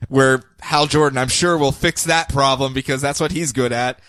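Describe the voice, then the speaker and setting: A man hosting a podcast, animated and laughing as he recaps and acts out comic scenes. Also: mid-range voice, normal speed, no echo. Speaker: podcast host. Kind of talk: casual chat recapping comics.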